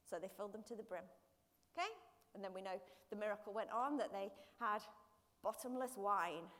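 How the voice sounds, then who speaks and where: A woman preaching a lively sermon to her church, acting out everyday voices. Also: on the high side, brisk. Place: church hall. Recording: live church stream with hall reverb.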